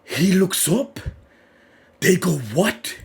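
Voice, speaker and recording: A man giving live reaction commentary while reading a manga chapter, swinging between loud excited shouting and low muttered reading-along. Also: slow pace, gravelly.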